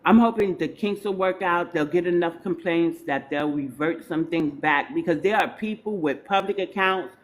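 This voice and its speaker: A woman's voice: lowish voice, moderate pace, few pauses. Chatty New York woman hosting a stream. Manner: chatty, loose and informal, with many fillers. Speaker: live stream host. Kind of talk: casual live stream chat.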